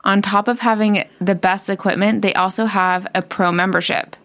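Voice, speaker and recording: A young woman co-hosts a casual podcast at a middle pitch. Her manner is playful and teasing. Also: steady tone, moderate pace, fairly bright tone, no room sound, clean studio sound. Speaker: podcast co-host.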